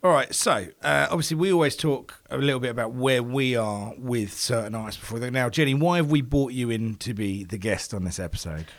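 A man from England hosts a casual podcast, chatty and fond of joking, with the odd swear. His voice sits in a middling pitch for a man. He talks loosely, with restarts and fillers. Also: fairly quick, hardly any pauses. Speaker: podcast co-host.

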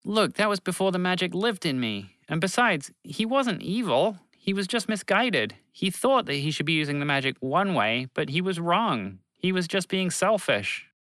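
Man voicing a gentle magical moose, calm and earnest, bright tone, dry close sound. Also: high-pitched, normal speed, few pauses, no echo, pitched above the performer's own voice.

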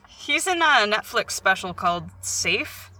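A woman's voice: mid-range voice, sing-song, slow, pushed and bright. A young woman co-hosting a podcast in casual chat, blunt and jokey, swearing freely. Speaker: podcast co-host.

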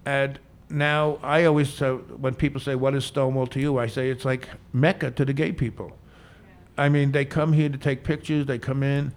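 An older man in his seventies spins stories from decades behind a bar. He talks in a chatty, joking way and often breaks into laughter. His pitch sits in a middle range. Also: level tone, moderate pace. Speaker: veteran bartender, guest. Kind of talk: storytelling in a Q&A.

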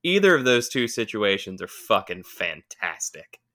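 Goofy male co-host, bright voice, low-ish, riffs a lot. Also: sing-song, moderate pace, no room sound. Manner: goofy, riffing on bits. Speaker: podcast co-host. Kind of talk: casual podcast banter.

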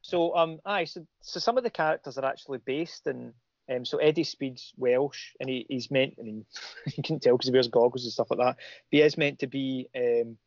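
A man's voice: mid-range voice, normal speed, no echo. A middle-aged man, a comic creator talking casually in a rambling way, full of restarts and fillers. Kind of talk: casual chat. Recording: dull lo-fi audio.

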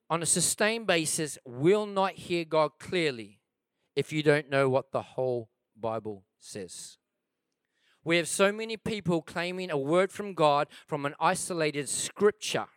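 Smooth-voiced preacher man, dry close sound. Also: a little high, fairly bright tone, no room sound. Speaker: pastor. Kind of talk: sermon.

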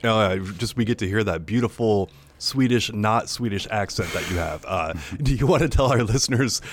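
Chatty low-voiced co-host. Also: male voice, normal speed, slight background noise. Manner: loose, chatty, lots of fillers. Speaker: podcast co-host. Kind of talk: casual podcast chat.

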